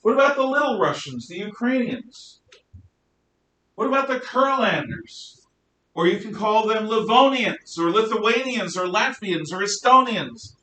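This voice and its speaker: A man giving a history lecture to a class, emphatic and animated, firing off rhetorical questions. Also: a little slow. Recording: roomy, distant mic with faint rumble.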